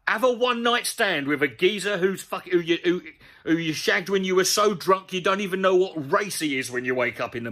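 A man with a fairly high voice that swings all over the place. He reads out an article and tears into it with sarcastic, sweary asides, sounding exasperated throughout. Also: a bit bright. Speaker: comedy YouTuber. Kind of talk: sweary comedic rant reading an article aloud.

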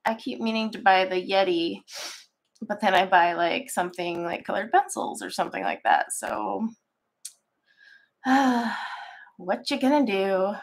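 A woman hosting a casual coloring livestream from her home art studio, chatty and rambling with many ums, her voice stuffy and congested, on a webcam mic. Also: medium pitch. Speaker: coloring channel host.

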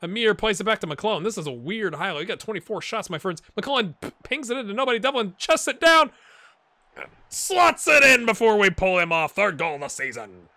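Lively, bright-voiced gaming man. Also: high-pitched, brisk, no room sound. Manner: animated, talks to his players, puts on silly voices. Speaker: gaming YouTuber playing Football Manager. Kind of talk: casual gameplay commentary.

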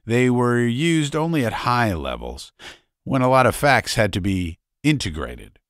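A man reads as a gruff old veteran of the uprising, deep and furry-voiced, bragging loudly over beer in a storybook tale. His pitch swings widely as he boasts, and the sound is dry and close. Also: very animated, a little slow, dry recording. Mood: boastful. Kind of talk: audiobook character voice.

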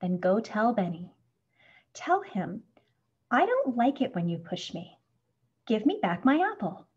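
A gentle female butterfly teacher from a storybook, speaking slowly, firmly and soothingly, as a woman reads her aloud. The voice is breathy and slow-paced. The recording is muffled and lo-fi. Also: medium pitch, very animated.

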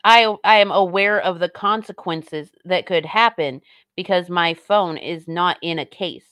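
A woman's voice: fairly low pitch, unhurried, fairly bright tone, no echo, clean studio sound. A woman streamer giving casual commentary on clips and reading chat, sarcastic, blunt and mocking.

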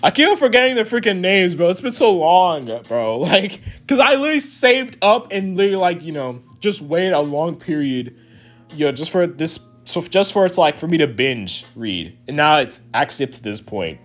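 A young man streaming a casual comic read-along, excitable, swearing and laughing often. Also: on the high side, normal speed, faint music behind.

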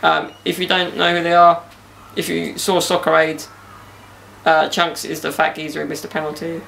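A young man chats loosely and jokily on his podcast, dropping slang as he goes. His voice sits a little high and has a gravelly, creaky edge. Faint outdoor hiss runs underneath. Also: monotone, moderate pace, bright, forceful tone. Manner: joking banter with slang. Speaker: podcast host. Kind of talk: casual podcast chat. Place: outdoors in a garden.

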